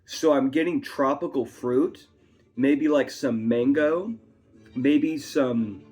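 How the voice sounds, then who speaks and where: A man's voice: medium pitch, slow, a little mellow, slightly rough. A man giving a rambling, chatty whiskey tasting review at home, full of asides. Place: his home. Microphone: camera on a tripod. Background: faint classical music.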